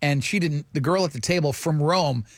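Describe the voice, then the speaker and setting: A man with a slightly raised, husky voice that bounces around a lot as he jokes and needles his co-hosts on air. The sound is dry and close to the mic. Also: fairly high pitch, dry recording. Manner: joking, teasing, quick to laugh. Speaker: radio co-host. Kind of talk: casual on-air banter.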